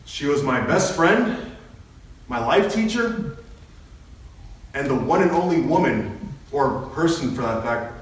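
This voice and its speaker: In a very reverberant meeting hall, recorded from far from the microphone with a little hiss or hum, a young man with a mid-range voice delivers an earnest personal speech. He narrates his own story to the meeting and quotes what he and others said.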